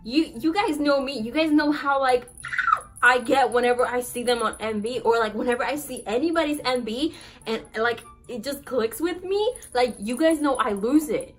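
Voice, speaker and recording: Young woman vlogger, high bright pitch, excitable and giggly, rambling storytime, soft music underneath. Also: normal speed. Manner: giggly, excitable, filler-heavy. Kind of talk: casual storytime chat.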